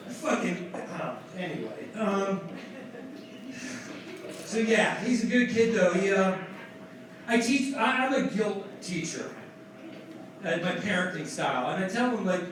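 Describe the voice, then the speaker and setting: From a comedy club stage, a New Jersey man in his forties delivers a profane stand-up set full of self-mockery in a high voice. The distant mic picks up an echoey club room and the crowd.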